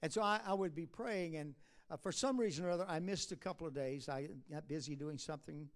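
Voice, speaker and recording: A man preaching a sermon at a church conference, talking in a conversational way with halting restarts, rising to emphatic lines and dropping low and soft at asides. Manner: halting restarts and drawn-out uh fillers.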